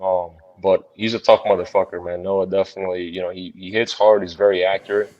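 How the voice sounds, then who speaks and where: A man, a bare knuckle fighter, telling a fight story in an interview in a blunt, profane, animated way. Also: low voice, brisk, muffled recording.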